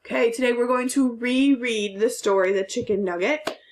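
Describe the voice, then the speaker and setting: A woman's voice: a little high, normal speed. A woman teacher giving a recorded phonics lesson for young children, patiently sounding out words syllable by syllable.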